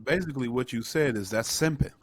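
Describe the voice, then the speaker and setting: A man's voice: mid-range voice, heavy background noise. A man co-hosting a political podcast, reading news items aloud and adding wry comments. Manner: measured, wry, reads then comments. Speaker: podcast co-host.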